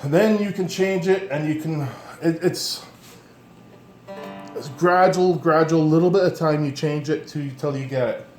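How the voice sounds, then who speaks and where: A man's voice: on the high side, unhurried, faint music behind. A man giving a casual demonstration of instrument setup, rambling and correcting himself as he goes, recorded in a home workshop on a camera mic. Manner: rambling, self-correcting, plainspoken. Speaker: instrument maker and teacher. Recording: echoey room with faint ambience.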